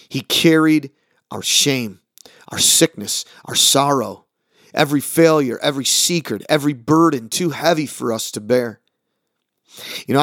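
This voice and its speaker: A man who is a pastor, giving an earnest sermon summary for a podcast, slowing and dropping his voice on key words. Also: no echo, studio quality. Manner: earnest, dramatic pauses, drops low on key words. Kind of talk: short recorded sermon summary.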